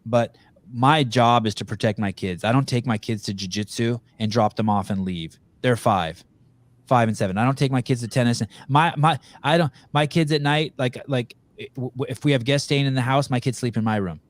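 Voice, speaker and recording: A man's voice: mid-range voice, normal speed, no echo. Blunt, foul-mouthed male podcast host. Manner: blunt, profane, rambling. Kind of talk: casual interview chat.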